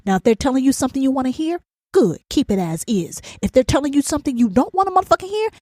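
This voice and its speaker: A woman's voice: on the high side, dark tone, dry recording, clean studio sound. A woman hosting a podcast, ranting in a blunt, profane, emphatic monologue and often asking if the listener understands. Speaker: podcast host.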